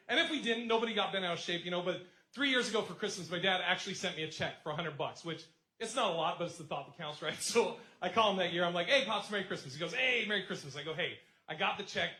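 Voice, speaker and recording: A man's voice: high-pitched, sharp tone. A man telling a rambling stand-up story, often chuckling through his own lines. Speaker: stand-up comedian. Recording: echoey room with clear noise.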